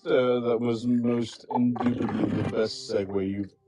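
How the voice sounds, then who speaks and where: A man's voice: medium pitch, flat delivery, a little slow. A man joining live talk show banter with mock-formal, servant-like speech. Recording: music playing behind.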